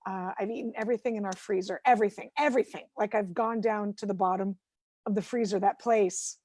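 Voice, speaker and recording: A woman's voice: medium pitch, fairly even intonation, fairly quick, a little mellow, dry recording. A woman stand-up comedian doing a rambling, self-mocking routine over a video call from home, full of "like"s.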